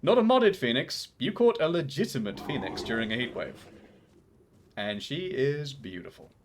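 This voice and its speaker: Guy streaming a game live, rambly and chatty, lots of ups and downs in his voice, mid pitch. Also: very animated, moderate pace, slight background noise. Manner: chatty, rambling, goes off on trivia tangents. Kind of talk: casual gameplay commentary.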